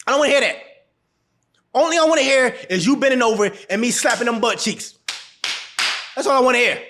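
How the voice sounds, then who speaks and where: Speaking straight to camera, a man with an extremely high voice gives blunt, casual relationship advice at a brisk clip. He laughs a lot and repeats phrases for emphasis, and there's noise in the background.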